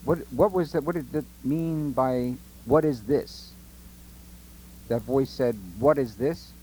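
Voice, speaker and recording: A man's voice: mid-range voice, slow, mellow, slight background noise, poor audio. A man hosting a radio interview, prompting his guests with probing questions. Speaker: radio show host.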